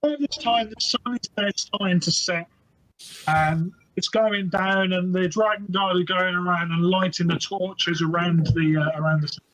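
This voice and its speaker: A man narrating as game master for a tabletop game, relaxed and chatty. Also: high-pitched, moderate pace, poor audio.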